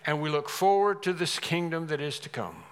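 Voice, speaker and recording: A man preaching a sermon, earnest and emphatic, often restarting and suddenly rising in pitch and volume to stress a point. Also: big pitch swings, moderate pace, smooth, big-room sound.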